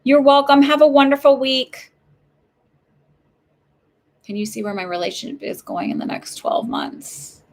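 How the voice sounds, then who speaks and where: A woman's voice: sits high, animated, unhurried, pauses often. A woman giving casual psychic readings on a live stream, chatty and reassuring, with many likes and ums.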